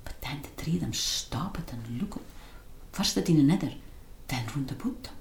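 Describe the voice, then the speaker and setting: A woman with a Scots accent reading a children's story in dialect, in a hushed, tense way. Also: low-pitched, animated, normal speed, gravelly. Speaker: narrator. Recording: roomy echo.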